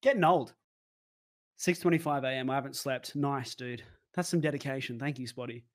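A man's voice: medium pitch, normal speed. A man, casually chatting to his livestream audience, swearing now and then. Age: 20s. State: out of breath. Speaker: streamer.

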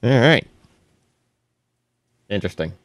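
A man hosting a casual tech podcast, animated and laughing often, with frequent restarts. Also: on the low side, takes it slowly, dry recording. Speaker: podcast host.

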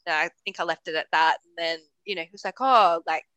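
Bright, candid woman. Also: fairly low pitch, quick pace, no echo, lo-fi sound. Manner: candid, swears freely, laughs through her stories. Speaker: podcast co-host. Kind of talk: casual storytelling chat.

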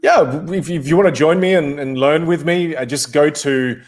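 A man's voice: on the high side, moderate pace. A man appearing as a guest voice coach in a podcast interview, speaking emphatically, like a coach. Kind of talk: interview conversation.

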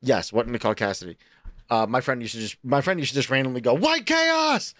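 A man from New York co-hosts a casual podcast chat, telling rambling stories full of swearing. His voice sits in an ordinary middle range and leaps up high whenever he acts out his own panic. The sound is dry and close, with no room in it. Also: fast talker, dry recording. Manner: animated, profane, jumps into high excited voices when quoting himself. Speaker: podcast co-host.

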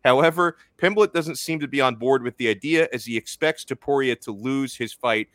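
A man's voice: mid-range voice, normal speed, a bit bright, no echo. A man hosting a sports talk show, chatting loosely with lots of restarts. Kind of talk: casual sports chat.

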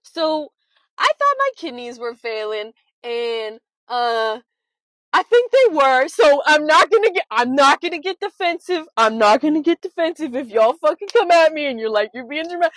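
Young woman, podcast host, dramatic, expressive, swears a lot, dry close sound. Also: sits high, normal speed, no echo. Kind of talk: casual confessional chat.

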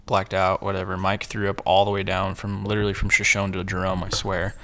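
Low-voiced man telling a loose story. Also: completely flat delivery, fairly quick, creaky, fairly bright tone. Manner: loose, profane storytelling full of quoted asides. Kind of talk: casual chat among friends.

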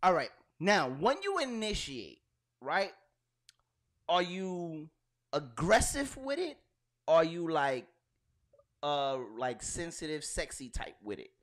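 A man's voice: fairly high pitch, takes it slowly, pauses often. Joking new york guy chatting on a podcast, voice swings up and down a lot. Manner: animated, joking, laughs often. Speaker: podcast co-host. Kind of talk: casual reaction chat.

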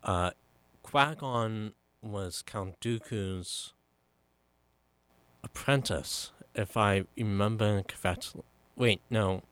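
A man co-hosting a podcast in casual chat, speaking in a halting, thoughtful way. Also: fairly low pitch, fairly bright tone, smooth, no echo. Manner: halting, many ums and likes, thoughtful. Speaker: podcast co-host.

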